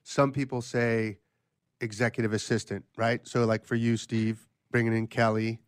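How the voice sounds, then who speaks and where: A man's voice: mid-range voice, level tone, moderate pace, smooth. A man co-hosting a business podcast, summarizing the guest's points in a casual way. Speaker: podcast co-host.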